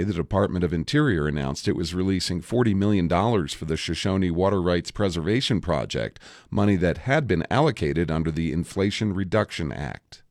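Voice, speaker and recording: A man hosting a radio newscast, reading stories and introducing reporters in a measured way. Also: low voice, darkish tone, no echo, clean studio sound. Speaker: news host.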